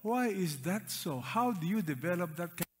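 This high-pitched, husky-voiced preacher talks at normal speed and with plenty of animation. Addressing a congregation in a reverberant church auditorium, he asks them questions, leads group reading, and hammers on key words.

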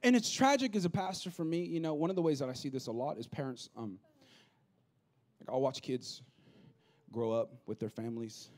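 A pastor preaching a lively, humorous sermon, acting out the people he quotes. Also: medium pitch, brisk. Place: church auditorium.

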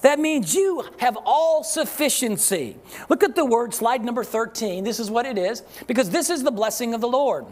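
A man pastor preaching a sermon to a congregation, asking rhetorical questions, leading call-and-response, and slowing down to read scripture with emphasis. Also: very high-pitched, expressive, darkish tone. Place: church service with congregation.

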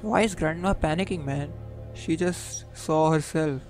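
Brief: young male gamer, jumpy and joking let's-play commentary, fairly high voice. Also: measured pace, a little mellow, faint music behind. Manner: joking, jumpy, mocks the characters. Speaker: gameplay commentator.

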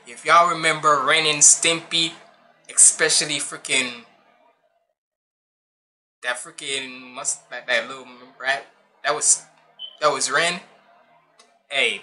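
A man's voice: on the high side, sharp tone. A man hosting a music reaction channel, talking casually in a rambling, loose way full of slang and restarts.

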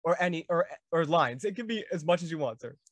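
Eager fanboy host, kinda high voice, dry recording. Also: male voice, expressive, fast talker, dry recording. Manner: eager fan, enthusiastic. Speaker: podcast host. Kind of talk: casual interview.

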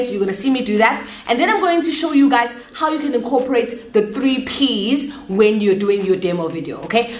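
A woman English teacher explaining step by step and checking in often, then switching to an exaggerated, animated voice for young learners. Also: fairly high pitch. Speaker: English teacher and video creator. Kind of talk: how-to talk with a mock classroom demo. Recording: echoey room with faint music. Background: faint background music.

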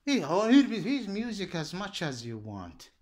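A man's voice: sits high, wildly swooping pitch, unhurried. A man filming a noise dispute in shared housing at night, repeating himself as he pleads and complains. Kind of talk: handheld argument and complaint vlog.

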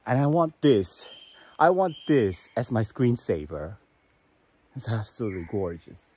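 Male travel vlogger, slow and chatty, hiking outdoors, faint background hiss. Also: lowish voice, very animated. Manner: unhurried, chatty, enthusiastic asides. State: out of breath while climbing. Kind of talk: hiking vlog narration. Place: outdoors on a forest mountain trail.

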